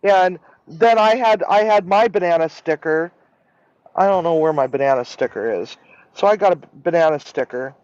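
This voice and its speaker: A man in a casual live-stream chat, telling a rambling, animated story and swearing freely. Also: on the high side, normal speed, dry recording. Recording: dull lo-fi sound.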